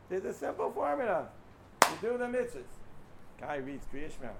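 Man, high voice, casual Torah lecture, animated, rhetorical questions, faint background hiss. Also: a little fast, vocal fry. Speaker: Torah teacher.

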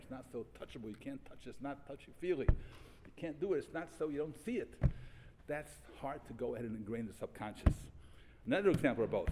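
A man teaching a Talmud class, reading passages and restating them in animated, repeated phrases. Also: medium pitch, big-room sound, heavy background noise. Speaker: Torah teacher.

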